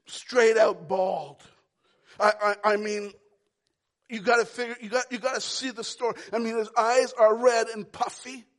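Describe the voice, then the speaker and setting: Pastor, male, higher voice, deliberate pace; builds to shouts, drops to whispers. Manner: swings from shouting to hushed whisper; repetitive emphatic preaching. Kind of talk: sermon.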